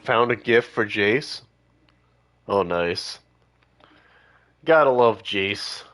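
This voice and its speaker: A man's voice: on the low side, animated, drawn-out words, fairly bright tone. A tipsy man streaming a video game live, chatting casually and laughing often. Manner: giggly, laughs often and mimics lines.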